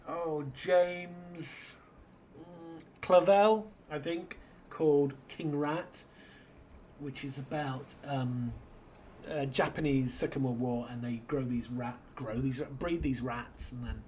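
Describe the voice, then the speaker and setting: A man's voice: fairly high pitch, fairly even intonation, slow, darkish tone, a little hiss or hum. A British man hosting a casual let's-play, rambling through an anecdote and muttering to himself as he plays. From Britain. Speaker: gaming channel host.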